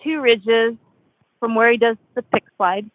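A guest guitarist telling a story with laughs and self-deprecating asides in a casual interview. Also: male voice, very high voice, measured pace, no room sound. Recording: tinny phone-line audio, dry.

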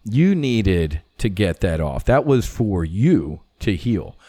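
A middle-aged man, a former fighter pilot, telling stories as a podcast guest in a casual, animated way, swearing freely and full of "you know" fillers. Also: fairly low pitch, slow, breathy edge, no echo. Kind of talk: casual conversational storytelling.

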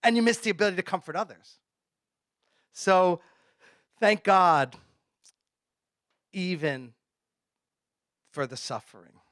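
Bright high-voiced man preaching. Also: lively intonation, slow, pauses often, no echo, studio quality. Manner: conversational preaching, sudden drops to a hush. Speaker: pastor. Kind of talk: sermon.

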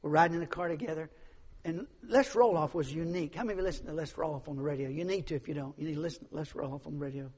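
Husky preacher man in a reverberant hall. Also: on the high side, very fast, darkish tone. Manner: emphatic, repeats phrases, acts out quoted voices. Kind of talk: sermon with personal stories.

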